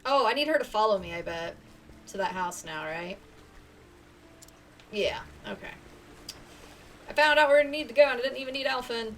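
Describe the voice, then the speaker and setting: A woman's voice: on the high side, lively intonation, moderate pace, long pauses, fairly bright tone, far from the mic, a little hiss or hum. A woman streaming a video game, chatting in a playful, self-mocking way as she plays. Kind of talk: casual gameplay chat.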